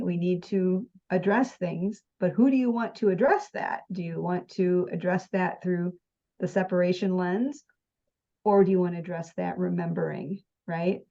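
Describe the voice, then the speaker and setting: A woman's voice: on the low side, moderate pace, warm tone. A woman and spiritual teacher talking earnestly about her practice, sometimes acting out her own thoughts. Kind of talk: spiritual conversation. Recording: dull lo-fi sound.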